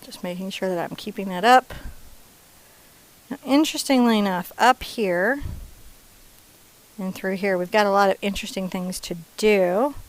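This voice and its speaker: A woman teaching a painting lesson step by step in a chatty, playful way, dropping into soft asides. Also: medium pitch, moderate pace, long pauses, low-quality recording. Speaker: painting instructor.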